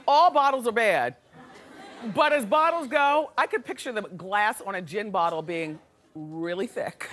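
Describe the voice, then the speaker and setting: A woman hosting a talk show, delivering an animated, sassy gossip monologue to a studio audience. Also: medium pitch. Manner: animated, chatty and sassy, laughing often. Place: television studio with a live audience. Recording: studio with audience noise behind.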